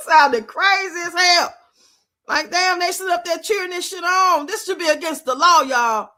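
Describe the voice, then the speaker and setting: On a streaming mic, a woman with a very high, sharp voice rants at normal speed during a casual livestream. Her commentary is blunt and profane as she scolds and swears freely.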